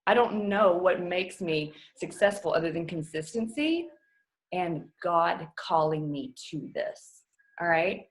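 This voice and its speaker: A woman's voice: fairly low pitch, animated, a little slow. A woman in her thirties coaching her team from home over a video call, earnest and emotional, choking up at times, talking casually with lots of fillers. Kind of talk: motivational talk on a video call.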